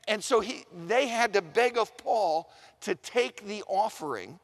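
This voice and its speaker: A man preaching a sermon in an animated way, asking the room questions and acting out the voices he quotes. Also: high-pitched, unhurried. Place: large chapel. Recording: long reverb of a large chapel.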